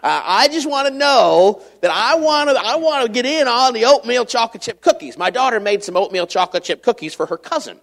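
A man's voice: very high-pitched, sing-song, fairly quick, gravelly, hardly any pauses, a bit bright. A middle-aged man from Michigan, a visiting preacher giving a folksy, joking sermon and reading scripture aloud in a raised voice.

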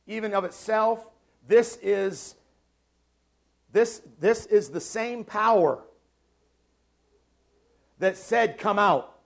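Pastor, man, 40s, slightly high voice, emphatic sermon delivery, repeats key lines, loud-soft swings. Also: drawn-out words, vocal fry, pauses often. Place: church sanctuary.

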